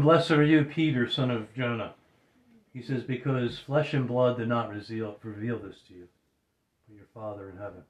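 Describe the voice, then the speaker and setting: A man preaching a sermon, earnest and measured, dropping his voice low when he quotes scripture. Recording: roomy echoing hall.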